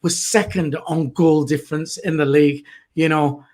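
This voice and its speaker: An older man hosting a casual live fan chat, talking in a halting way with many fillers. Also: a little high, steady tone, darkish tone. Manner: halting, lots of uhs and ums. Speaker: fan show host.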